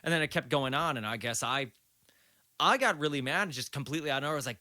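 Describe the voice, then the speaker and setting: A man in his late twenties tells a long story as a podcast guest. His voice is bright, and he talks in a loose, rambling way full of swearing. The sound is dry and close. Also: mid-range voice, fast talker, dry recording. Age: late 20s. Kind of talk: casual storytelling.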